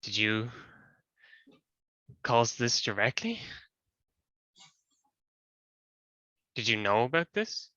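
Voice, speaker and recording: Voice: medium pitch, little pitch movement, measured pace, pushed and bright, clean tone, dry recording, lo-fi sound. Someone playing an angry suspicious woman adventurer. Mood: challenging. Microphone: video call.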